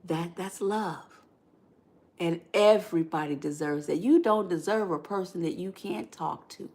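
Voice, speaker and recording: A woman's voice: lowish voice, unhurried, a little mellow. A woman hosting a live relationship-advice stream who talks to her viewers, reads their comments aloud, and speaks in a preacher-like way. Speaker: podcast host and life coach.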